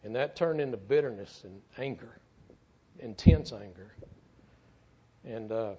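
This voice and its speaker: A man's voice: fairly low pitch, measured pace, warm tone, highs cut off, a little hiss or hum. A middle-aged man tells a story in a sermon, speaking earnestly and often repeating words as he goes. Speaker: church speaker, former firefighter.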